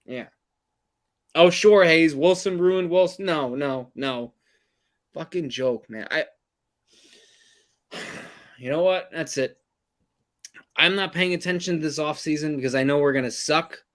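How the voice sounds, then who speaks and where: High-voiced man on a profane rant. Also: a little slow, long pauses. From New York area. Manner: profane, exasperated, sighing. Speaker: podcast co-host. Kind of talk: angry sports rant.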